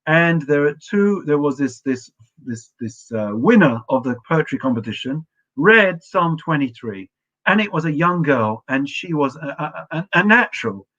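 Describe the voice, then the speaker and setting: Bright-toned man giving a sermon. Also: on the high side, big pitch swings, muffled recording. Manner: storytelling with halting restarts. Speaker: rabbi. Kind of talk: sermon with storytelling.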